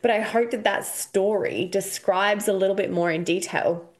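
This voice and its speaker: A woman's voice: medium pitch, normal speed. Chatty Australian woman hosting a podcast. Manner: chatty storyteller, animated quoting of herself. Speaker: podcast host and intuition coach. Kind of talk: casual solo podcast talk.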